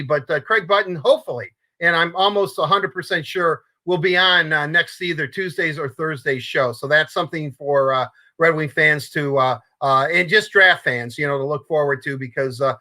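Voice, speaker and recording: An older man co-hosting a casual sports talk show, rambling and halting with repeated words and fillers. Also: fairly high pitch, bright, forceful tone. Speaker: co-host.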